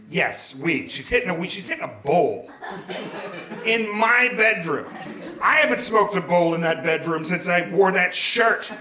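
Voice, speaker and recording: A man telling a profane, animated comic story live on a small theater stage into a stage mic, rambling with restarts. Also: high voice. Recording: echoey theater room.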